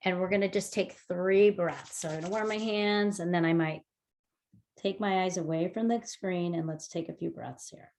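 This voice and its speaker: A woman leads a video-call mindfulness workshop at a moderate pace, her pitch fairly low. She's lively and talkative as she coaches breathing and movement, often using fillers.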